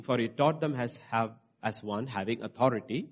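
A male pastor preaches a sermon, teaching scripture emphatically, rising to stress his points and often checking in with "okay." He speaks at medium pitch and normal speed.

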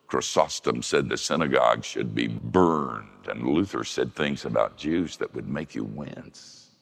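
An older man preaching in a gravelly, very deep voice, slow and unhurried, his pitch swinging widely as he leans into a point. The sound carries a long reverb, like a large hall. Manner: gravelly, folksy storytelling with shifts into high voices for quoted women. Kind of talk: sermon.

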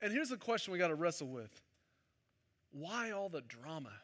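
A man's voice: a little high, sing-song, normal speed, fairly bright tone. A man preaching a sermon to his congregation in a church service, talking in a conversational way and joking with the people in front of him. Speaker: pastor.

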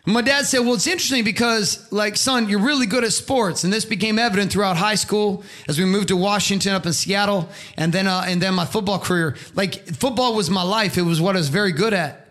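A man's voice: high-pitched, fairly quick, few pauses, fairly bright tone. A middle-aged man giving an impassioned motivational monologue, preachy and emphatic, swearing freely. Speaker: motivational speaker.

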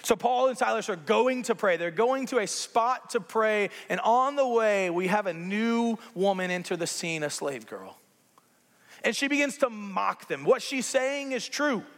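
A man preaching a sermon as pastor, conversational and animated, with playful asides to the congregation. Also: high-pitched, a little slow, in a large hall.

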